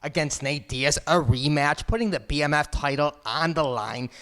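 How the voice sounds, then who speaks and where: A man's voice: on the high side, sing-song, moderate pace, hardly any pauses, fairly bright tone. A man hosting a comedic interview at a kitchen table, playful and showy, calling himself by name in the third person. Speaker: interview host.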